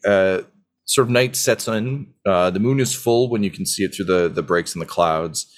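A man's voice: on the low side, moderate pace. A man narrating a tabletop game as game master, full of ums and uhs as he goes.

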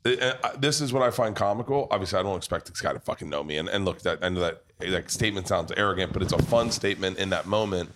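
A man's voice: sits low, fast, hardly any pauses, fairly bright tone, a little hiss or hum. A man hosting a podcast, telling rambling, profane anecdotes in casual chat at a pub. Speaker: podcast host.

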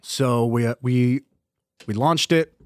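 A man guesting on a podcast, telling stories in a casual, animated way and acting out what people said. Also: medium pitch, takes it slowly, no room sound, clean studio sound. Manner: animated, acts out quoted dialogue. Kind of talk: casual storytelling chat.

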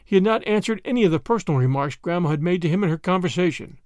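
A man narrating a classic short story as a podcast host, in an expressive storytelling way. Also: high-pitched, rapid-fire, dry recording, clean studio sound.

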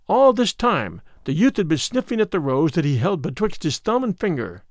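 Man narrating an old tale, lively pitch, fairly high voice. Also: normal speed, hardly any pauses, no echo, clean studio sound. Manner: expressive storytelling. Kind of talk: scripted narration of a classic tale.

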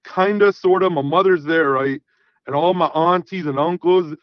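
A man's voice: fairly high pitch, moderate pace, dry recording. Man, casual storytelling, profane, quotes himself, dry, muffled sound. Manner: profane, animated, acts out quoted dialogue. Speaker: podcast guest.

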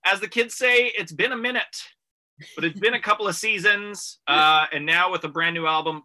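A man's voice: sits high, sharp tone. A middle-aged man from rural Canada hosting a radio talk show, chatty and joking with his guests. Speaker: radio host.

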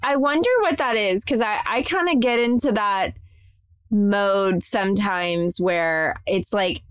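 A woman co-hosting a podcast in a relaxed, chatty way, with lots of fillers. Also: medium pitch, a little slow, clear, resonant tone, no room sound. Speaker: podcast co-host. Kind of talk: casual chat.

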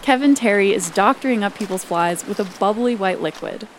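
A woman reporter narrating a documentary feature in a calm, reflective storytelling manner. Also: medium pitch, fairly quick, slight background noise.

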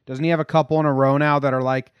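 A young man co-hosting a podcast, joking and telling animated stories about a baseball game. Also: mid-range voice, racing, smooth, dry recording, lo-fi sound. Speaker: podcast co-host. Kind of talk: casual sports chat.

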